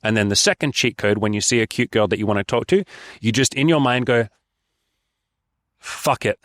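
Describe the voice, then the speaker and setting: A man's voice: lowish voice, quick pace, no room sound, clean studio sound. A young man giving frank dating advice in a casual vlog. He is blunt, swears freely and acts out bits of dialogue. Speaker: dating coach.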